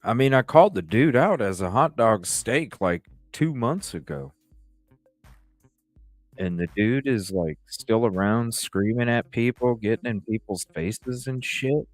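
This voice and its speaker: A man hosting a livestream, telling stories in a rambling, profane, animated way. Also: medium pitch, unhurried, soft background music. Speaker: livestream host. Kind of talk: casual livestream talk.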